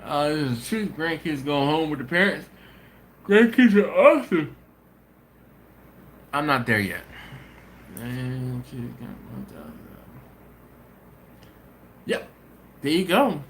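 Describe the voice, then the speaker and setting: A man's voice: medium pitch, animated, unhurried, long pauses, a bit bright. A man hosts a casual live-stream chat, reading viewer comments and answering them with stories. His voice rises and falls animatedly, and he breaks into laughter often. A faint hiss of noise sits under the voice. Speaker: host of a barbecue channel live stream.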